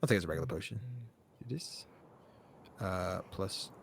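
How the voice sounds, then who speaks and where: A man's voice: deep voice, moderate pace, vocal fry, background noise. A man playing in a tabletop game, chatting casually with jokes and swearing. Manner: joking, casual, swears freely. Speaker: player.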